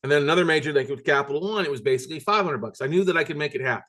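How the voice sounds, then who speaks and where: A man whose voice sits on the high side, a bit bright and rapid-fire, hosts a recorded business workshop as a note-buying coach. He tells his stories in a blunt, emphatic, repetitive manner with mild swearing.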